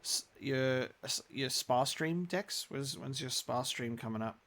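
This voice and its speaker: A man's voice: medium pitch, measured pace, fairly bright tone. A young man chatting casually while live-streaming a game, rambling with many restarts.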